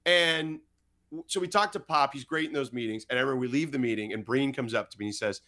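A man's voice: mid-range voice, fast talker. A man from the United States, a sports reporter, telling anecdotes as a podcast guest and acting out the dialogue. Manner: lively anecdote-teller who acts out quoted dialogue. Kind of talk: storytelling in a podcast interview.

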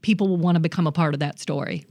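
A woman's voice: low voice, steady tone, racing, a little mellow. A woman hosting a comedic dating advice show, coaching a guest in a brash, bossy way. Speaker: host.

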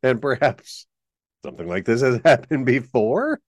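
A man's voice: medium pitch, sing-song, normal speed, no room sound. A man co-hosting a podcast, chatting casually, laughing often and making dry, wry remarks. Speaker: podcast co-host. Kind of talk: casual chat.

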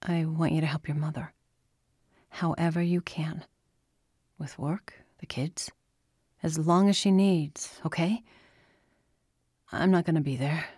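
Woman reading as weary father, soft, resigned, low voice, unhurried. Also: fairly even intonation, breathy edge, no echo, clean studio sound. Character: gentle, weary imprisoned father.

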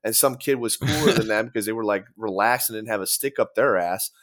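A man's voice: lowish voice, brisk, fairly bright tone. A young man chatting as a musician guest, rambling and profane, with lots of fillers. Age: young adult. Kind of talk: casual podcast chat.

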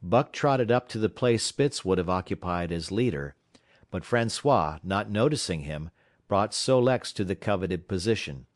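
A man from South Carolina narrates an audiobook with a measured, steady delivery and a lowish voice. The recording is dry and close, with no room sound.

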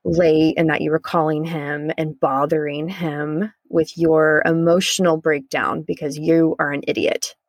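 A woman's voice: low voice, level tone, a little slow, few pauses, dry recording, studio quality. A woman podcast co-host candidly recounting a hard night to her lifelong friend, rambling with restarts. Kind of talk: casual recounting conversation.

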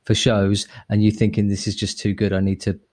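Man interviewer, deep mellow voice, heard from off-mic. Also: monotone, fairly quick. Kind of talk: interview questions. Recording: off-mic, distant.

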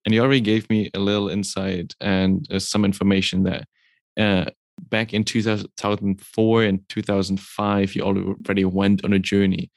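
A man hosting an interview, asking a long question slowly and hesitantly. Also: fairly low pitch, little pitch movement, creaky, no echo, studio quality. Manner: slow, hesitant phrasing with fillers. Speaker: podcast host.

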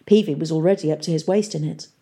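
A woman narrating an audiobook in a steady storytelling manner. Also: low voice, quick pace, slightly rough. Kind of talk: audiobook reading.

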